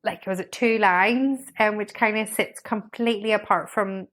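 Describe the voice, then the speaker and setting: A woman's voice: medium pitch, fairly even intonation, normal speed, fairly bright tone. A woman co-hosting a podcast, chatting with enthusiasm. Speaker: podcast co-host. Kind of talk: casual chat.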